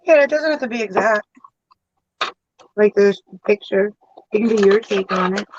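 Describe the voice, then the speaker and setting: A man's voice: high voice, moderate pace, lo-fi sound, background noise. A man chatting casually while face painting, rambling with lots of fillers.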